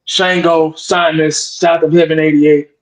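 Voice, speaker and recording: High-voiced man ranting, echoey room. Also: unhurried. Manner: blunt, repetitive, animated ranting with frequent "man". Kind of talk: heated casual sports talk.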